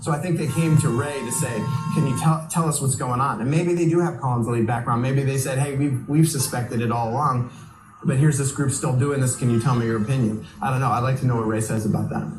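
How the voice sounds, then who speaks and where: Man, guest, thoughtful, musing aloud, mid pitch, echoey room. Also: fairly even intonation, fast, a little mellow, faint music behind. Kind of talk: conversational commentary.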